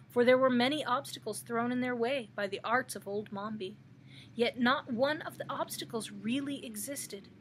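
A woman librarian reading a storybook aloud in steady narration. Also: fairly high pitch, a little hiss or hum.

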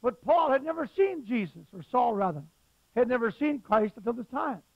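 A man preaching a sermon as a pastor, with emphatic stresses that suddenly grow loud. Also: extremely high pitch, expressive, moderate pace, gravelly, no echo, dull audio.

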